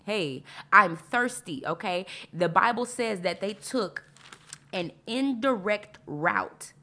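A woman's voice: medium pitch, fairly bright tone. A woman hosting a podcast who reads Bible passages aloud and explains them in a conversational, enthusiastic way, repeating phrases for emphasis. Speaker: podcast host. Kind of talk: devotional Bible teaching.

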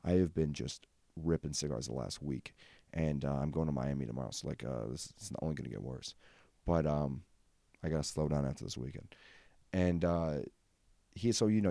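Man, young adult, solo comedy podcast rant, deep voice, dry close sound. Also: gravelly, dark tone, no room sound. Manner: rambling, self-deprecating, many fillers. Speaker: podcast host.

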